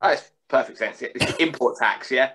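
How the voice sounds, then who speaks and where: A man's voice: mid-range voice, bright, forceful tone, breathy edge. Teasing man at the table. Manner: teasing, quick jabs. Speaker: player. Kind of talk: casual banter over a game.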